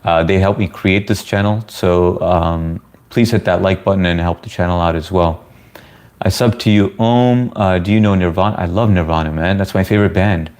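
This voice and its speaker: Answering his chat during a livestream, a man from the United States talks easygoingly and at length. His voice sits low with a little mellowness, and his pace is normal.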